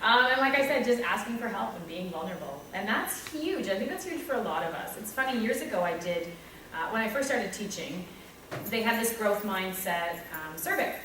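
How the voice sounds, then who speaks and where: A woman teacher with a Canadian English accent talks frankly about her work, poking fun at herself. Her voice sits at a middle pitch. It is recorded from some distance in a very echoey room with faint ambience behind it. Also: expressive, brisk, a bit bright, slight background noise. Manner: candid, self-deprecating, with acted-out asides. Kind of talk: reflective talk on her teaching practice.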